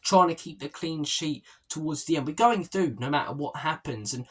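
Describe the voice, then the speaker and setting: Husky-voiced man giving football reactions. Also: fairly high pitch, normal speed. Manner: chatty, opinionated, repeats "as I say". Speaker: football fan channel host. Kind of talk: post-match reaction vlog. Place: holiday stay by the sea.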